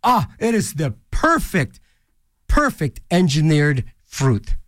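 A goofy man DJing on college radio, rambling from joke to joke. His voice sits high and swings all over the place. The sound is dry and close on a studio mic. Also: sing-song, takes it slowly, a bit bright, no room sound. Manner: goofy, rambling, jokey asides and silly voices. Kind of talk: casual DJ banter. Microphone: studio microphone.

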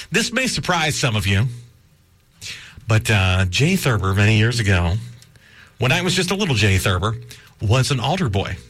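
A man's voice: on the low side, fairly bright tone. A middle-aged man, hosting a casual radio show while getting over a cold, telling stories in a rambling, self-deprecating way. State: recovering from a cold.

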